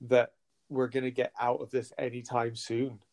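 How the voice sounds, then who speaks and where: A man's voice: mid-range voice, level tone, normal speed, gravelly, a little mellow. Earnest, hesitant male podcast host. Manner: earnest, hesitant, many fillers. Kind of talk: casual chat.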